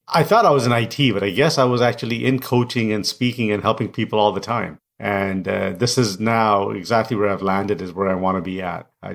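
A man's voice: fairly low pitch, creaky. A middle-aged man whose first language is not English, telling his life story candidly as an interview guest. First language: non-English first language. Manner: reflective and candid. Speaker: guest, coach and speaker.

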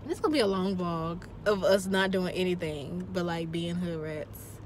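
A young woman vlogging from a car, teasing and bossing her passenger around and laughing often. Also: fairly low pitch. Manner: teasing, bossy, quick to laugh. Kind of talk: casual chat. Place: inside a car. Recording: loud car noise behind.

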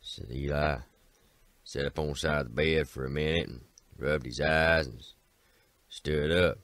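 A man's voice: a bass voice, measured pace, fairly bright tone, no echo. A man with an Appalachian accent telling a folk tale in a folksy way, starting lines with "said" and doing the characters' voices. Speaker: storyteller.

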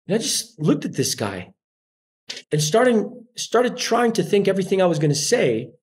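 Sharing casual stories as a podcast guest, this man is animated and performs the voices of anyone he quotes. His voice sits high and he talks at a moderate pace.

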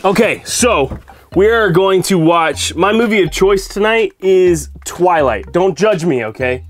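A man's voice: sits high, expressive, measured pace, soft background music. A man casually chatting to the camera in a van vlog in a playful, joking manner. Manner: playful, talks to his dog, sings goofily. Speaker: vlogger. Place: camper van in winter.

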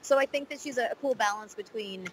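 A woman voice actor answering interview questions in a candid, lively way, with frequent fillers. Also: on the high side, fast, slight background noise, low-quality recording.

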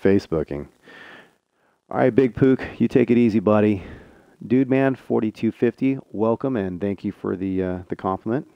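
A man streaming a tank game live, chatting excitably to teammates and viewers. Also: on the low side, normal speed, gravelly, no echo, highs cut off. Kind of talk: live gameplay commentary.

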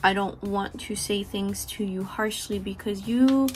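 A woman's voice: medium pitch, a little slow, soft background music. A woman giving a frank, profane, affectionate motivational talk to her viewers, laughing often. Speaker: beauty vlogger. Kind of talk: candid motivational talk to camera.

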